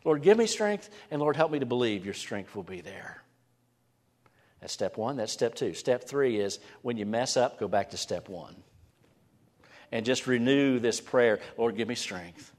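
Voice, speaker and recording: A man preaching a sermon as a pastor, moving between hushed, quiet passages and emphatic, raised lines. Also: medium pitch, lively intonation, unhurried. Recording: long reverb of a large hall.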